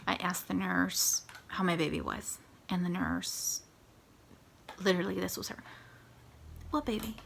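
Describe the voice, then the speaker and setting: A young woman telling a personal story in a vlog, at times dropping into a soft whisper as she recounts it. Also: fairly low pitch, level tone, a little slow, vocal fry, slight background noise. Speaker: vlogger.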